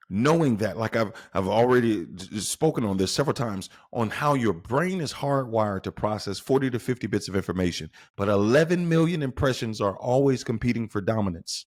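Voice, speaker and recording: A man hosting a podcast, delivering an emphatic motivational monologue full of rhetorical questions to the listener. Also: lowish voice. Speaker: podcast host.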